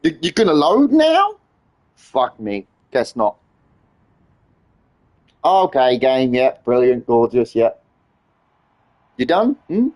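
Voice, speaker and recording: A man's voice: on the high side, wildly swooping pitch, takes it slowly, long pauses. A man ranting and swearing nonstop as he streams a game. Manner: exasperated ranting, heavy swearing. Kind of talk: livestream gaming commentary.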